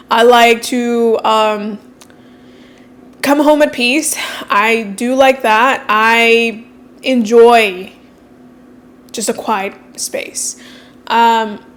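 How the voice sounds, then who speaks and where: Candid woman talking fast in a vlog. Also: fairly high pitch. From Mexican heritage. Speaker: coach and content creator. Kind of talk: casual personal vlog.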